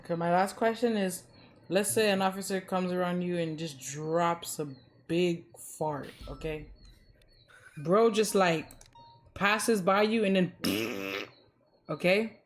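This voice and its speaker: A woman's voice: on the low side, slow. A woman playing a dispatcher, interviewing a recruit in a casual, chatty way with slang. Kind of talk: role-play interview.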